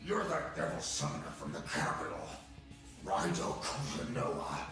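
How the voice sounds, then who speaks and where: A man's voice: very deep voice, wildly swooping pitch, moderate pace, fairly bright tone, full character voice. An actor voicing a cocky, swearing young male thug in a video game. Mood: sullen. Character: brash young male thug, defeated enemy. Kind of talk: game voice acting. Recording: distant echoey game audio with music.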